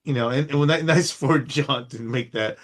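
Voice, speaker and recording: A man's voice: mid-range voice, moderate pace. A middle-aged man co-hosting a podcast, rambling in casual chat with many fillers. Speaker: podcast co-host.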